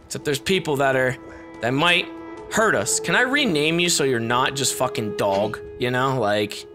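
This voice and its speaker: Excitable shouting let's-play man. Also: mid-range voice, normal speed. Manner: excitable, shouty, swears a lot. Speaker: gameplay commentator. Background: game music.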